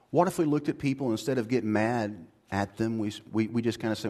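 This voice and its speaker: A man preaching a sermon as pastor, moving from quiet, low reflection to loud, high-pitched exhortation, with casual slang and repeated restarts. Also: expressive, brisk.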